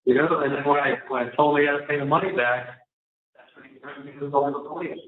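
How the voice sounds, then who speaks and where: A man's voice: a little high, steady tone, fast. Aggrieved man on a tinny phone line. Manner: aggrieved, long-winded retelling of a dispute. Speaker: caller on a recorded jail phone call. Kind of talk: rambling phone conversation. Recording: tinny, echoey phone line with faint noise.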